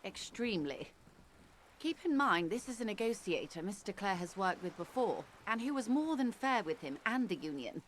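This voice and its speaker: A woman's voice: medium pitch, big pitch swings, slight background noise, natural voice. A woman voicing a composed, formal female negotiator in a video game, with polished diction. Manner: composed and measured. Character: poised, formal middle-aged woman negotiator. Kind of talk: game voice acting.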